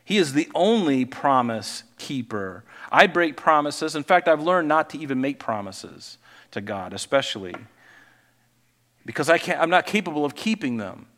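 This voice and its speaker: Man, pastor, sermon, higher-pitched voice, reads scripture then chats about it. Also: big pitch swings, normal speed, a bit bright, long reverb tail. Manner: reads scripture aloud, then comments in a loose, conversational way.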